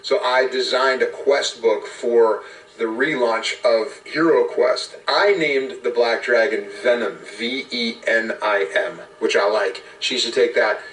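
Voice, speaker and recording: A man answering fan questions in a casual, animated, rambling way, slipping into character voices now and then. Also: medium pitch, slow. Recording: roomy, from a distance.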